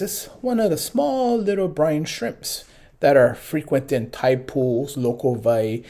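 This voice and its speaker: A man telling a folk tale as storyteller and teacher, unhurried and conversational. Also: a little high. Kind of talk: musical folk storytelling with ukulele. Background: soft ukulele.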